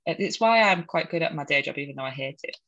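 A woman's voice: sits low, lively intonation, fast talker, fairly bright tone, muffled recording. A young woman from Hull with a Hull accent, chatting casually and laughing often with wry humour. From Hull, England. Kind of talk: casual chat.

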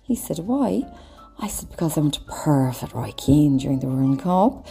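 A woman's voice: extremely low pitch, animated, normal speed, gravelly, dark tone, breathy edge, soft background music. A woman with a Cork accent hosting a comic radio advice sketch in a dry, wry manner. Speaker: advice-column host.

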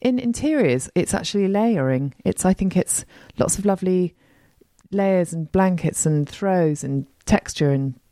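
A woman in her forties with a low, mellow voice, chatting on a podcast in a friendly, matter-of-fact way. She uses affectionate slang, and the close studio recording sounds dry. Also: expressive, a little slow, no echo. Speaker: podcast co-host, interiors expert. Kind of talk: casual chat.

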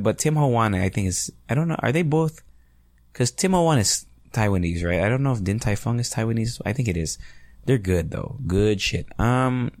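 Male podcast host, 30s, chatty rambler, gravelly voice, dry close recording. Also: lowish voice, no echo. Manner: rambling, chatty, swears freely. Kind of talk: casual solo podcast chat.

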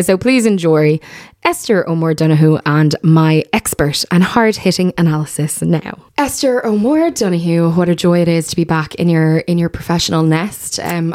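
A woman hosts a casual podcast in a playful, jokey way. Her voice sits a little low and she often laughs through her lines. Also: darkish tone. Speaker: podcast host. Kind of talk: casual chat.

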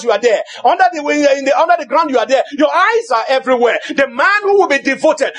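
Male preacher, very high-pitched, emphatic, bursts into shouts. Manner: emphatic, repetitive, now and then shouting. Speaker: pastor. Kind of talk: sermon.

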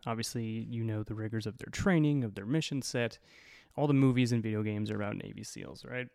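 Brisk and gravelly yet a little mellow, this fairly low-pitched man hosts his own podcast in studio quality with no room sound. He spins a story as a casual monologue, wryly rambling and cursing plenty amid his fillers.

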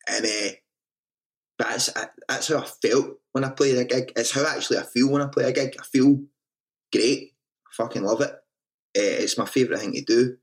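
A Scottish man talks through his band's early days in a relaxed, unscripted way, full of swearing and false starts. His voice has a gravelly, fry-laden edge at an everyday middle pitch. He comes across as a frontman chatting freely with a friend. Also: moderate pace. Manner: swears freely, restarts a lot, self-mocking. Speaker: band frontman and guest. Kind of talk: casual interview storytelling.

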